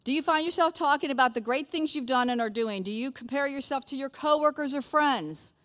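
A woman's voice: high voice, fairly quick, a bit bright. A middle-aged woman teaching a conversational Bible lesson in a chatty way, often checking in with her listeners.

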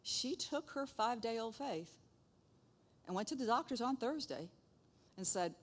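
A middle-aged woman, a nurse, shares a faith testimony in a lively way. She laughs often and acts out the dialogue. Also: on the high side, unhurried. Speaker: speaker sharing testimony. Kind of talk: casual testimony storytelling.

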